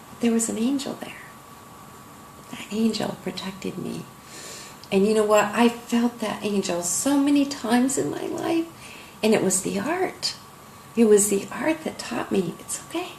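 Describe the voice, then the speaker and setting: An older woman art teacher speaks with open sentiment, her voice edged with a gravelly creak. She tells emotional stories to her students. The sound is roomy and echoey, with faint noise behind her. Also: medium pitch, darkish tone. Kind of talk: heartfelt online lesson talk.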